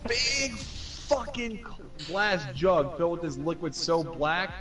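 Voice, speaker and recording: A young man telling a profane, animated bar story among friends, swearing constantly and acting out other people's voices. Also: on the high side, slow pace. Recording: distant mic with loud music behind. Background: music.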